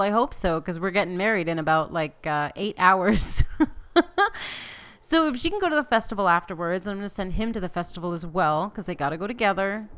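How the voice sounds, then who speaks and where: A young woman hosting a let's play casually comments on her own gameplay, chatting to her sims, reading the game text aloud and laughing often. Her voice is mid-range and a bit bright.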